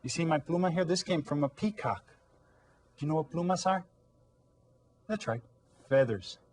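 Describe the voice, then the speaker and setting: A man's voice: a little high, lively intonation, normal speed, a little hiss or hum. A man teaching a recorded elementary Spanish lesson, patiently explaining words and prompting children to repeat them.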